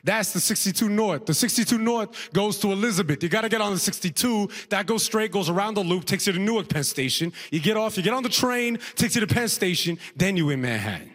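A man's voice: high-pitched, expressive, a bit bright, in a large hall, pitched above the performer's own voice. A man playing a confident, talkative male airport officer who rattles off bus directions. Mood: helpful. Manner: brisk, rapid-fire directions.

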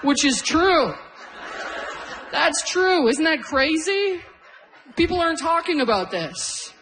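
A middle-aged woman's high, sing-song, slightly bright voice moves at a slow pace as she does stand-up on stage for a live audience. Her storytelling is self-deprecating, and she laughs through her lines over slight background noise.

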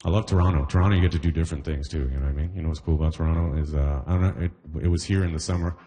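Stand-up comic, man from the Caribbean, deep voice, casual rambling delivery with constant check-ins to the crowd. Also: steady tone, racing, warm tone. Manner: conversational, peppered with "you know what I mean". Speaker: stand-up comedian. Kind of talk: stand-up comedy set.

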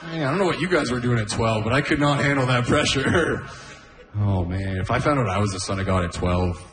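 A man's voice: medium pitch, brisk, fairly bright tone, roomy sound. A man from Canada performing a stand-up comedy set, laughing at his own jokes and often saying "oh, man".

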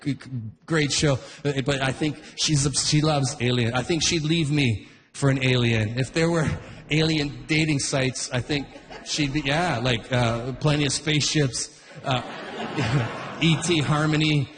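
A man's voice: medium pitch, fairly even intonation, a little slow, fairly bright tone, big-room sound, slight background noise. A middle-aged man doing a stand-up set, rambling through stories and cutting himself off mid-sentence. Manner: rambling, self-interrupting storyteller. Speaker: stand-up comedian.

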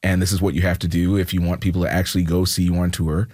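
Low-voiced guy on a panel, chill, lots of uhs and ums, dry sound. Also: quick pace, dry recording. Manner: relaxed and explanatory, with many fillers. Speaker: culture commentator. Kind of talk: casual panel discussion.

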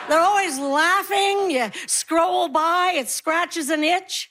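A woman in her sixties performs stand-up comedy with a sassy, brisk delivery. Her voice sits high for a woman, and she slips into quoted lines to land her jokes. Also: fairly bright tone, slight background noise. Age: 60s.

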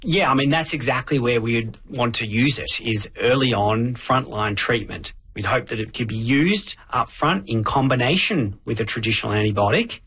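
A man speaking as a doctor in an interview, his voice a little husky and his pitch in the middle range. He explains things carefully and at an even pace, pausing to qualify his points. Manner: measured, explanatory. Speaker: infectious disease doctor, guest. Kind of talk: interview answers.

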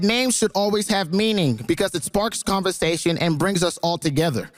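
Laughing, animated male comedian. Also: on the high side, quick pace, few pauses. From Canada. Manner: animated, laughing through his points. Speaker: comedian debater. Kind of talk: stand-up argument.

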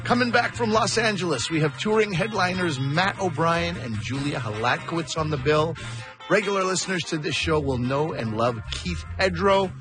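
A man's voice: fairly high pitch, expressive, normal speed. Male radio host, upbeat scripted promo read, music bed behind. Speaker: radio comedy show host. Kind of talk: scripted announcing. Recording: broadcast voice-over with music bed.

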